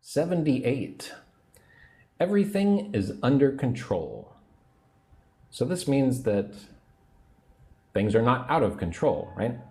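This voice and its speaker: A man teaching English on a livestream, speaking slowly and patiently and repeating phrases for learners. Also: medium pitch, sing-song, a little mellow. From United States.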